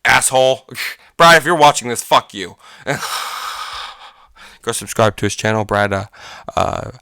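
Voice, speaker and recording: On his own solo podcast, a man with a lowish, animated voice talks a little slowly, his tone pushed, bright, clear and resonant. The sound is clean studio with no room sound as he rambles through stories, swearing a lot and dropping frequent fillers and laughs.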